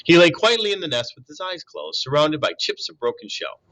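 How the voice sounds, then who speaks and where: A man reading a children's novel aloud in an expressive way, with small slips and self-corrections. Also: on the high side, a little fast, rough recording. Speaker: storybook reader.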